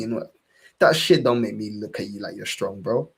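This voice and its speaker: Husky London man ranting about manhood. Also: lowish voice, moderate pace. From England. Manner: impassioned, swearing, repeats "bro". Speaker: fan channel host. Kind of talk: casual podcast chat.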